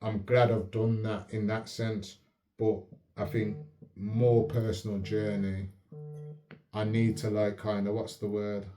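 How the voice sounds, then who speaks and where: Guy vlogging, low mellow voice, calm and steady, keeps asking do you get it, echoey room. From United Kingdom. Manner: calm, measured, checks if listener follows. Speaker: channel host. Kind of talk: reflective casual talk to camera. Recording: roomy echo.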